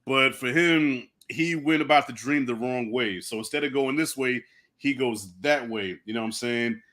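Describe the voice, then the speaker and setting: A man's voice: medium pitch, moderate pace, a bit bright. A male host chatting casually about a film, laid-back and peppering his points with "you know what I'm saying". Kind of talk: casual film review chat.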